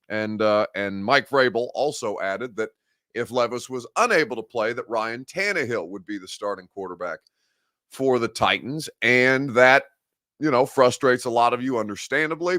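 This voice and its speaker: A man's voice: mid-range voice, sharp tone, no echo. A man hosting a live sports talk show from a studio, chatting casually and answering viewer comments with wry humor.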